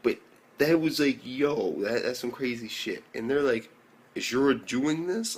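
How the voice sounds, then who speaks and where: A young man reviewing an anime episode in a casual, excitable rant full of slang and swearing. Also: a little high, measured pace.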